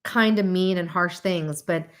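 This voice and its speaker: A woman hosting a casual livestream talk and chatting to her audience, animated, with frequent laughs and asides. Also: a little slow. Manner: animated, acts out quoted voices with big pitch jumps. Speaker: host.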